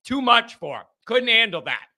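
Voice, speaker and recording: High, bright, fired-up male sports host. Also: moderate pace. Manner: fired-up, ranting, swings between shouting and calming down. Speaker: host of a sports call-in stream. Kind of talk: excited sports talk rant.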